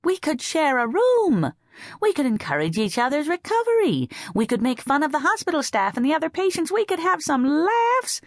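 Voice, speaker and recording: Lady narrator doing an excitable cousin, high and gushy, dry close read. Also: moderate pace, no echo. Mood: pouting. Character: gushing, excitable woman cousin.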